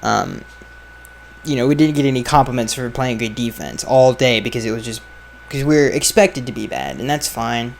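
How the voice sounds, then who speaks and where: Outdoors with flies around, a podcast host answers fan questions in a casual chat, offering blunt, offhand opinions and often letting his sentences trail off. His mid-range voice is creaky and moderately paced, with a little hiss or hum in the recording.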